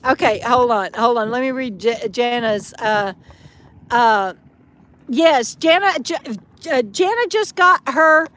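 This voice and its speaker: Woman, higher-pitched, casual live-chat host outdoors, reading comments with lots of fillers. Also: expressive, slow pace, fairly bright tone. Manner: chatty, reads viewer comments aloud with fillers. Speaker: vlogger answering live chat.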